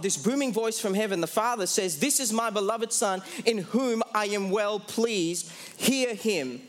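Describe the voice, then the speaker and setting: Emphatic high-voiced male preacher. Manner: emphatic preaching, slows down for key phrases; asks the audience questions, then answers them. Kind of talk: sermon.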